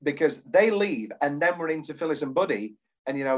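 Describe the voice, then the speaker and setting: British male podcast co-host, slightly high voice, passionate, swears freely, reads script bits in mock voices. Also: expressive, brisk. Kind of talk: casual chat.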